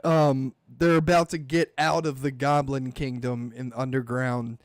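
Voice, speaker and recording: A man hosting a casual podcast chat, animated and swearing, acting out movie lines as he goes. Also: mid-range voice, a little slow, no echo, clean studio sound. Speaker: podcast host.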